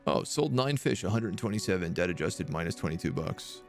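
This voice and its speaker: A man's voice: low voice, lively intonation, a little fast, creaky, soft background music. A man streaming a video game, commenting casually and joking as he thinks aloud.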